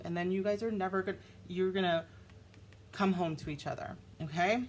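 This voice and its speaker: Animated woman doing a tarot reading. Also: fairly low pitch, fairly quick, slight background noise. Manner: animated, talks straight to the viewer. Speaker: tarot reader. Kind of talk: casual tarot reading to camera.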